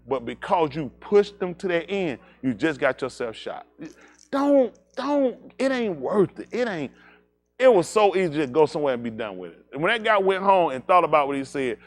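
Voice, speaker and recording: Lively, high-voiced man telling a story. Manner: animated, repeats "I said", laughs through the story; preachy, direct warnings to young listeners. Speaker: speaker at a livestreamed congregation. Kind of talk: anecdotal storytelling with a moral.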